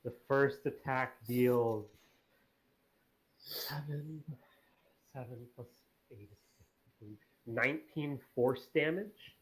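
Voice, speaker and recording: A man's voice: medium pitch, takes it slowly, long pauses. Man, tabletop player, matter-of-fact, reads out dice rolls. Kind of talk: casual game talk.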